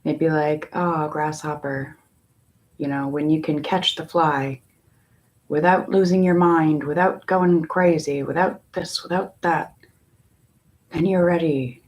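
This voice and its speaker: A woman tarot reader in a casual spiritual talk, musing in a slow, meandering way with long pauses. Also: low-pitched, steady tone, a little mellow.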